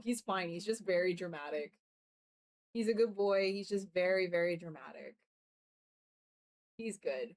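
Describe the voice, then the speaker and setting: Chatty woman streaming live. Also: mid-range voice. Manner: chatty, laughing, animated retelling. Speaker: livestreaming artist. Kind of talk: casual chat while working.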